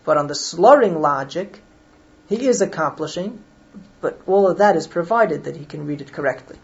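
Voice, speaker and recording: A woman's voice: low-pitched, lively intonation, moderate pace, vocal fry, darkish tone, muffled recording. A woman teaching a lesson on Jewish law, reasoning aloud step by step and checking that her listeners follow. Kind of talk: explanatory lecture on Jewish law.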